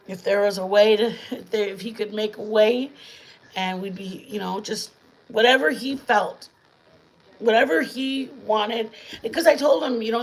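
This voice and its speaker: A middle-aged woman hosting a casual home-kitchen live stream, chatting in a rambling, warm way with her viewers. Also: medium pitch, poor audio. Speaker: channel host. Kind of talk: casual chat while cooking, live stream.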